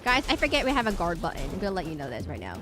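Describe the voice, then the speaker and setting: A woman's voice: fairly low pitch, wildly swooping pitch, rapid-fire, over music. A woman streamer with a nasal voice, mumbling and rambling with many fillers while commenting on a game she plays. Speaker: VTuber streamer. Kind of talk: casual gaming stream commentary.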